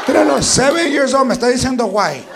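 Guy putting on a angry parent yelling at a kid, high voice, loud crowd and club noise. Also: animated, quick pace, creaky, full character voice. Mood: scolding. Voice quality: loud, mock-stern, Spanish-laced scolding. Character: scolding Latino parent, angry, threatening.

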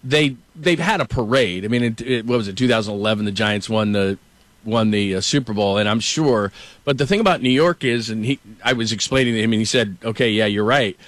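A middle-aged man hosting a sports talk show, chatting casually and telling animated stories. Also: lowish voice, a little fast, dry recording. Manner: storytelling, animated, quotes people.

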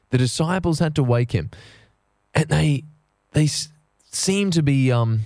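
Male preacher, mid-pitched, earnest sermon delivery with slow emphatic phrases, dry close recording. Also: a little mellow, no echo. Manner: earnest, slowing down to stress key phrases.

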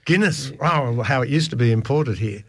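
A man's voice: mid-range voice, a little fast, dry recording, studio quality. A man, hosting a casual radio chat, telling stories and laughing often. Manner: chatty storyteller, laughs often.

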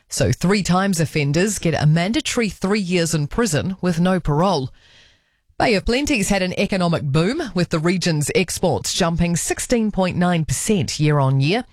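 Brisk New Zealand radio newsreader woman. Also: lowish voice, no room sound, studio quality. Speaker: news reader. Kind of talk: scripted radio news bulletin.

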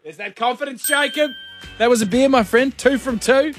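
A man's voice: extremely high pitch, moderate pace, soft background music. A young Australian man hosting a radio call-in game, joking and teasing callers. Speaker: radio host. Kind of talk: casual radio banter.

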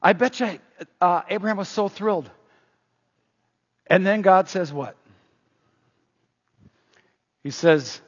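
A man preaching a sermon as pastor, animated, quoting scripture aloud. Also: sits high, takes it slowly, long pauses, breathy edge. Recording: roomy hall, dull lo-fi sound.

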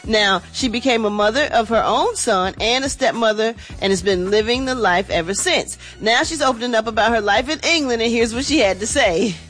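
A woman's voice: fairly high pitch, a little fast, hardly any pauses, fairly bright tone, soft background music. Woman, radio morning show entertainment host, casual chatty delivery. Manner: chatty, casual, addresses listeners as y'all.

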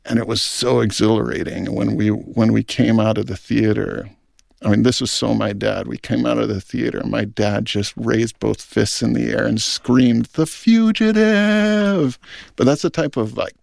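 A man's voice: on the low side, level tone, moderate pace, creaky, a little mellow, dry recording, studio quality. A middle-aged man, a film director, speaking in an earnest, thoughtful interview. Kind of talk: reflective interview talk.

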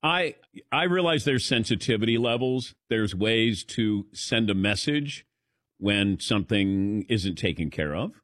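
A man's voice: on the low side, lively intonation, unhurried, a bit bright, dry recording. A man hosting a sports talk radio show, teasing his crew in casual studio banter. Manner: dry teasing, laughs often.

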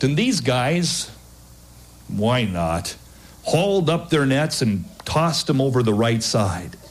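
A middle-aged man preaching a sermon, acting out the people in his story with big swings of voice. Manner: animated, acts out quoted voices with big pitch swings.

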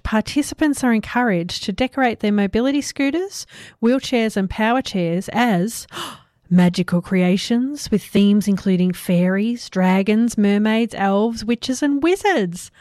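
A woman's voice: medium pitch, a little mellow, dry recording. Australian woman, live radio host, chatty and giggly, dry studio sound. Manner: chatty, giggly, self-deprecating. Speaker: radio presenter. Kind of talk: casual live radio chat. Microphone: studio microphone.

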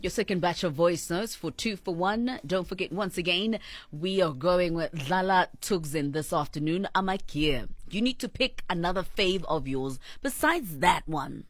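A woman's voice: lowish voice, moderate pace, dry recording, soft background music. A woman co-hosting a radio show, chatty and stretching out her words as she jokes. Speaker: radio co-host. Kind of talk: casual radio banter.

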